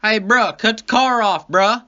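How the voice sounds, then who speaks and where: A man putting on a loud brash street-talking cop. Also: high-pitched, unhurried, dull audio, pitched above the performer's own voice.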